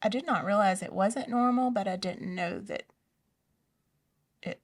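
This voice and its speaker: A woman telling her personal story in an interview, soft-spoken and hesitant, often dropping to a near whisper. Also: mid-range voice, measured pace, distant mic. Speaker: interview guest. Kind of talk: personal testimony in a conversation.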